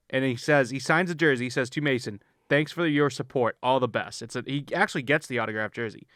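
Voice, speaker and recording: A man's voice: fairly high pitch, fairly bright tone, no room sound, studio quality. A man co-hosting a hockey podcast in casual chat, loose and profane, retelling stories and acting out the people in them. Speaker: podcast co-host.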